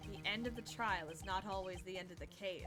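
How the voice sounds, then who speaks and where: A woman voicing a composed, formal male prosecutor in a game, speaking measured and deliberate. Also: mid-range voice, music in the background, close to an everyday voice.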